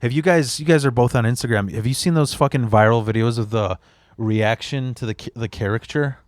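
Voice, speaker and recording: A man's voice: mid-range voice, fairly quick, dry recording, studio quality. A young man from the Chicago area, a stand-up comedian telling rambling, profanity-laced stories in a casual podcast chat. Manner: rambling storyteller, swears a lot.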